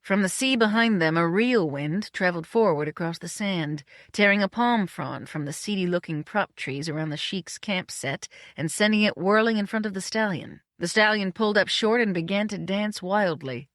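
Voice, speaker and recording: An audiobook narrator reading a novella in a brisk, even storytelling manner. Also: mid-range voice, dry recording, studio quality. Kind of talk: scripted narration.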